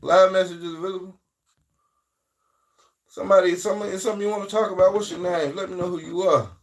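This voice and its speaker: A man's voice: sits high, fairly even intonation, quick pace, distant mic. Southern man rambling on a livestream. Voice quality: loose, rambling, swings between loud and quiet. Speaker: livestream host. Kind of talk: casual livestream chat.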